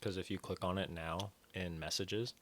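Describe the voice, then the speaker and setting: A man with a very deep, low voice talks as a podcast guest in a studio. He speaks in a relaxed, thoughtful way, working through his points with plenty of "like" and "you know.". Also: normal speed. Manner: relaxed, thoughtful, filler-heavy. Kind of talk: casual chat.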